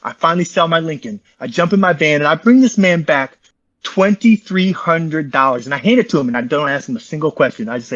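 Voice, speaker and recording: Guy talking fast in a slangy rambling way, kinda husky, muffled lo-fi call audio. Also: on the high side, lively intonation, fairly bright tone. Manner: fast, repetitive, slangy, says "bro" often. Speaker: interview guest. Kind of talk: rambling storytelling.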